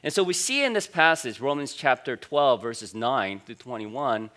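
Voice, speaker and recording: Bright-voiced pastor man preaching. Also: medium pitch, animated, moderate pace. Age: 40s. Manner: conversational, storytelling, many fillers. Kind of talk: sermon.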